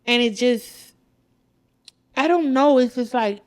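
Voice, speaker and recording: Young woman comic from philly, rambling and candid, lots of "like", slightly high voice. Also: takes it slowly. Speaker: comedian guest. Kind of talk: candid casual chat.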